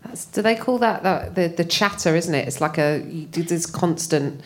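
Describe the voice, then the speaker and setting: A woman chatting as a guest at a live podcast recording, animated and laughing often. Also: on the low side, normal speed. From United Kingdom.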